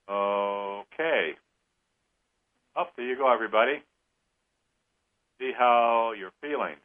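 A man co-hosting a talk show, speaking in a rambling, halting way. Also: mid-range voice, expressive. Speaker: co-host. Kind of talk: casual radio talk. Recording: tinny phone-line sound.

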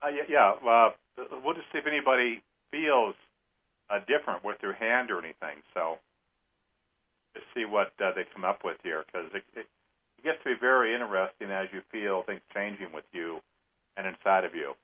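A man co-hosting a talk show, speaking in a rambling, halting way. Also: on the low side. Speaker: co-host. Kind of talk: casual radio talk. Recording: tinny phone-line sound.

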